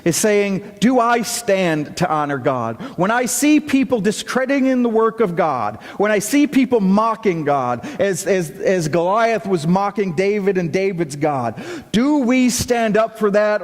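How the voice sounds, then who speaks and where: A man preaching a sermon as pastor, animated and acting out the voices of the people he quotes. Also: high-pitched, measured pace. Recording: long hall reverb.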